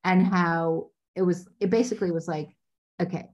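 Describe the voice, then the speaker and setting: Woman, casting director, podcast guest, animated storyteller, acts out quotes. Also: on the low side, normal speed, muffled recording.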